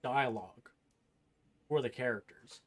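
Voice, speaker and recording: A man playing through a video game on stream, talking casually over the action. He airs strong, profane opinions in a loose, offhand way, at an ordinary pitch for a man. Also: unhurried. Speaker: gaming streamer. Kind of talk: casual gameplay commentary.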